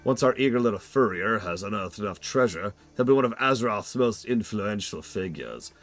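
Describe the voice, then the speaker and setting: A man's voice: fairly low pitch, expressive, moderate pace, soft background music, lightly acted. A man doing a smug German-accented speculator. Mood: jovial. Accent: exaggerated German. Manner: jovial, grand. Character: smug wealthy male speculator, jovial and scheming.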